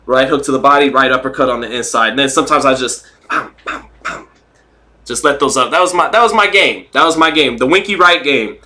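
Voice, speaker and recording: A man hosting a casual livestream, rambling, joking and reading chat comments out loud. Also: mid-range voice, fast, few pauses. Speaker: livestream host.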